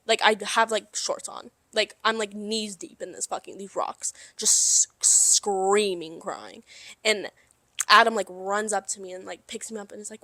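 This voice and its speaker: Bright, animated young woman storyteller. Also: mid-range voice, normal speed, dry recording. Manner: animated storytelling with swearing and laughter. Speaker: podcast co-host. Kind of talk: casual chat.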